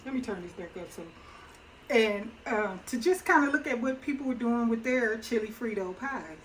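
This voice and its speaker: A woman's voice: a little high, expressive, normal speed, slight background noise, low-quality recording. A middle-aged woman hosting her own cooking channel, talking through a casual demonstration at her kitchen stove in a chatty, folksy way, laughing easily. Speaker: home cook and channel host.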